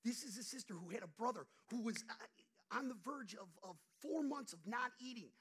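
Husky male pastor preaching conversationally. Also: sits high, lively intonation, normal speed, fairly bright tone, poor audio. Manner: conversational, builds to impassioned pleading. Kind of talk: sermon.

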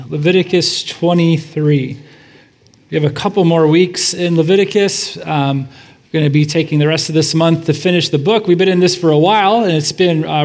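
A man with a high voice preaches a sermon to his congregation. He talks conversationally, with fillers and friendly asides. His voice stays high as he moves from prayer into teaching. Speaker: pastor.

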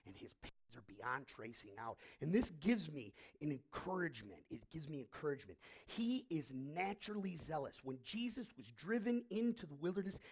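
A man preaching a sermon as pastor, dropping to hushed asides and rising to loud, drawn-out declarations. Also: fairly high pitch, breathy edge.

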